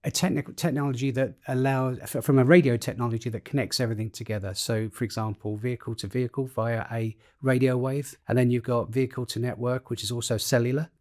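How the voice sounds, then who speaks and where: A man's voice: mid-range voice, steady tone, fast talker, few pauses, a little mellow. A man, a professor, explaining technology through everyday comparisons, often restarting his sentences. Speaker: professor and guest expert. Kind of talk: podcast interview.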